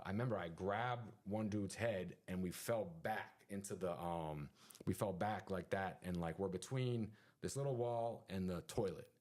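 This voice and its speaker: A man telling a story in casual conversation as a podcast guest, animated and full of sound effects and fillers. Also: low-pitched.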